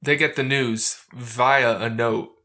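A man's voice: medium pitch, fairly even intonation, takes it slowly, sharp tone. A man co-hosting a casual podcast chat, narrating a movie's plot scene by scene and chuckling. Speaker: podcast co-host.

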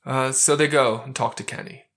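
A man's voice: medium pitch, steady tone, normal speed, a bit bright. A man co-hosting a casual podcast chat, narrating a movie's plot scene by scene and chuckling. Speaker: podcast co-host.

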